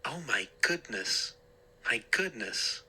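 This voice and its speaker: A man's voice: medium pitch, big pitch swings, takes it slowly, bright, forceful tone, slightly rough, heavily acted, poor audio. A man voicing a stern, exasperated mother who scolds her son firmly. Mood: scolding. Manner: scolding, firm.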